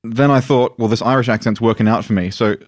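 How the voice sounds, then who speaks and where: A man's voice: mid-range voice, fairly even intonation, fast talker, no room sound, clean studio sound. A man chatting on a podcast, telling long digressive stories. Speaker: podcast co-host and tabletop player. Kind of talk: casual podcast chat.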